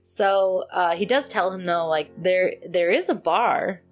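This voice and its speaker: A podcast co-host with a low voice chats casually and without hurry as she recaps a film, acting out its characters' lines. Soft music plays in the background.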